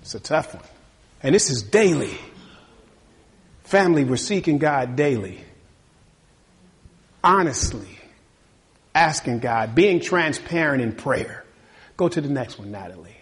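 A man's voice: mid-range voice, lively intonation, measured pace, long pauses, husky. A male pastor preaching a sermon, reading scripture aloud and calling out to the congregation for responses.

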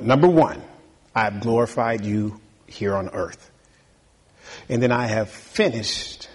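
A man, a pastor, preaching a sermon in a conversational way, laughing often and building to emphatic bursts. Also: medium pitch.

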